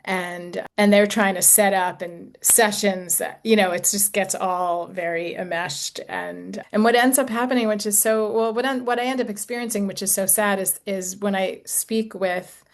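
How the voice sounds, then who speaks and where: A woman in her sixties, an intimacy coach talking gently and reflectively to a group, with casual fillers. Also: mid-range voice, steady tone, normal speed, hardly any pauses. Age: 60s. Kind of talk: talk to a group.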